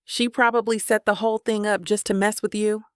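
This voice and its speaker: A woman voicing an insistent adult woman friend who coaxes firmly and gently in an audiobook. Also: medium pitch, little pitch movement, a little fast, clean tone, no room sound, clean studio sound, lightly acted. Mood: pleading. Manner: firm, coaxing.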